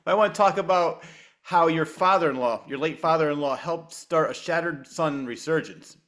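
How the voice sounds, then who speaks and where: A man's voice: on the high side, moderate pace, fairly bright tone. A man hosting a podcast, asking questions and chiming in with short, encouraging replies. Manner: brief, encouraging interjections. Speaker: podcast host. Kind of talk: casual interview chat.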